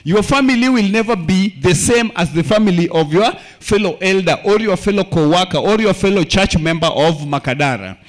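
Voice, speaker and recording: Male elder, high voice, sermon with call-and-response prompts. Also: fairly quick, hardly any pauses. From Kenya. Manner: call-and-response questions, repeats key phrases. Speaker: church elder preaching.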